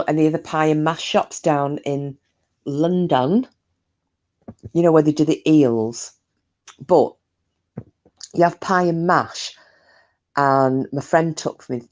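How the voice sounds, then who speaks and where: A woman's voice: low voice, darkish tone. A woman chatting casually with her live stream viewers, talkative and self-mocking, swearing freely.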